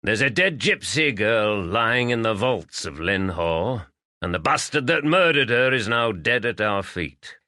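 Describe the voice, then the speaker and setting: A man voicing a big, gruff middle-aged farmer who speaks bluntly and defiantly. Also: fairly low pitch, lively intonation, measured pace, pushed and bright, no room sound, studio quality.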